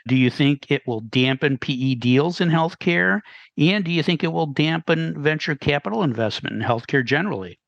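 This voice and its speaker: A man moderating a podcast discussion, asking questions in a brisk, direct way. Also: fairly high pitch, animated, vocal fry, no echo, highs cut off.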